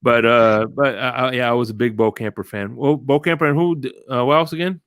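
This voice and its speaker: A man's voice: medium pitch, a little fast, fairly bright tone, clear, resonant tone, no room sound, clean studio sound. Rambling man hosting a sports podcast. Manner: rambling, greets live chat viewers, tells stories with quoted voices. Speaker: podcast host. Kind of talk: casual sports podcast chat.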